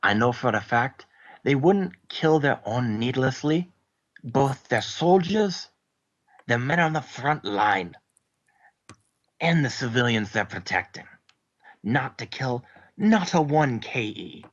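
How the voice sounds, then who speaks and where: A man voicing a gruff male mercenary interrogator with a put-on Scottish accent, threatening and calling people lad. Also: medium pitch, lively intonation, slow, long pauses, muffled recording.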